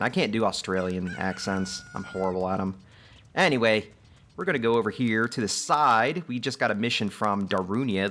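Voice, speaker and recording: Male let's-play host, lowish voice, casual upbeat commentary, self-deprecating humor. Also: a bit bright.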